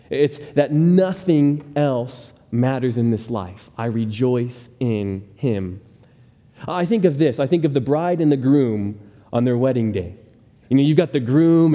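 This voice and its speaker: A man's voice: a little high, mellow. A man preaching a sermon as a pastor, speaking earnestly and often repeating words as he starts a thought. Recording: long hall reverb.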